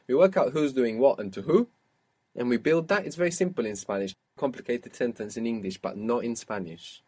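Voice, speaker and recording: A man's voice: mid-range voice, lively intonation, a little fast, darkish tone, breathy edge. Guy teaching a language, patient, keeps prompting and saying good. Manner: patient, prompting and correcting a learner. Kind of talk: guided language lesson.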